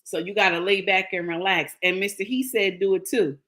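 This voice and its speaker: A woman's voice: mid-range voice, steady tone, brisk, fairly bright tone. An older woman, giving sassy, preachy commentary to her viewers. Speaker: commentary vlogger. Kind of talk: casual opinion commentary.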